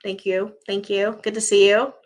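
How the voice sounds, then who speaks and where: A woman's voice: medium pitch, flat delivery, normal speed. A woman hosting a casual live chat, chatty and encouraging, reading viewer comments and losing her voice. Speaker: livestream host.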